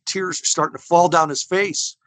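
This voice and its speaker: A man's voice: high-pitched, moderate pace, no room sound. A man in his sixties, an interview guest telling stories in a folksy, rambling way and acting out the people in them. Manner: animated storyteller who acts out other people's lines; folksy, rambling, with restarts and laughter. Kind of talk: casual storytelling.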